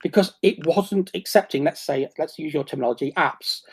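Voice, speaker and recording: A man in casual chat, excitable and rambling, with many restarts and bursts of acted-out quotes. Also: fairly high pitch, fairly quick, slightly rough.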